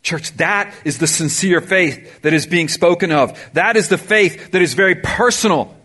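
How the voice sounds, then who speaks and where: A man preaching a sermon to his church congregation, energetic and emphatic, with punchy exclamations. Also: high voice, normal speed. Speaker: pastor. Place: church service before a congregation.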